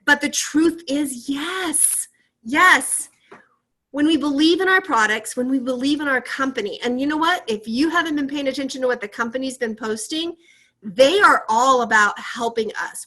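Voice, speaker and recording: A woman with a high, bright voice leads a motivational training session over a video call. She talks with lively energy, encourages her listeners and keeps firing questions at them. She sounds upbeat and sure of herself. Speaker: team leader coaching a sales team.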